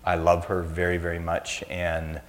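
A man in his fifties with a notably low, deep voice addresses a congregation in a relaxed, conversational sermon. He weaves in self-deprecating family stories before turning to his teaching. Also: normal speed. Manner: anecdotal, self-deprecating storyteller. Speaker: church speaker.

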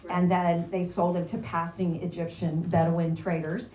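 A woman's voice: fairly low pitch, flat delivery, moderate pace, warm tone. A woman teaching a casual Bible lesson, chatty and quizzing her class as she goes. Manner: chatty, asks the class questions. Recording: roomy echo, faint background noise.

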